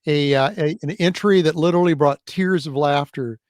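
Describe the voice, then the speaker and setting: A man hosting an event, talking in a rambling and halting way as he introduces the final reader. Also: a little high, darkish tone, no echo. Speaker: event host.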